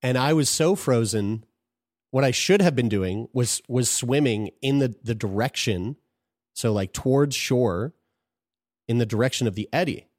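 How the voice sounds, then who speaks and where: A man's voice: mid-range voice, expressive, measured pace, darkish tone, no room sound, clean studio sound. A man telling a personal story in casual conversation, frank and profane, often restarting his sentences.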